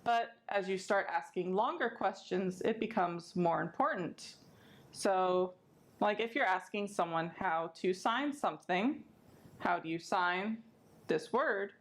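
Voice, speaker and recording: A woman librarian, teaching a step-by-step sign language lesson in a friendly, clear way. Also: medium pitch, a little slow. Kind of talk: instructional video lesson.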